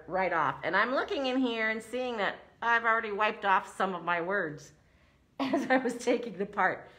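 A woman leading a preschool story time, reciting nursery rhymes slowly and encouragingly in a sing-song way. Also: a little high, sharp tone. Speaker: children's librarian.

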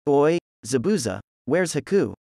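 A man's voice: a little high, big pitch swings, measured pace, vocal fry, dark tone, no echo, studio quality, heavily acted. A man voicing a rude, lazy young male ninja anti-hero, reading him in a brash, mocking way from a fan story.

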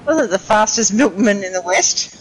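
A man's voice: sits high, expressive, moderate pace, a bit bright, slight background noise, low-quality recording. A man chatting casually while streaming a game, giggling often, from a car park. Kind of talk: casual gameplay commentary.

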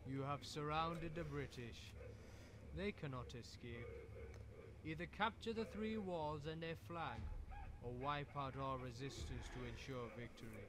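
A man reading game instructions in a flat, instructional way. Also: on the high side, a little slow. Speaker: game tutorial narrator. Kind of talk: scripted narration. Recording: game audio with noise.

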